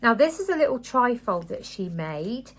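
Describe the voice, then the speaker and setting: A woman's voice: a little high, normal speed. Gushing woman unboxing crafts. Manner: gushing, excitable, chatty. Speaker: craft vlogger. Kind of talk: casual unboxing chat.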